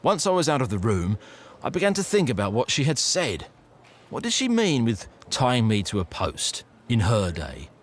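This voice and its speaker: A man reading a first-person ghost story aloud, building suspense with an expressive delivery. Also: medium pitch, moderate pace, a little hiss or hum.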